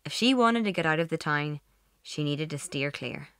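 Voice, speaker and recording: A woman narrating a novel in a measured, quietly wry way. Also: low voice, animated, clean tone, dry recording. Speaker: audiobook narrator. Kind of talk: scripted narration.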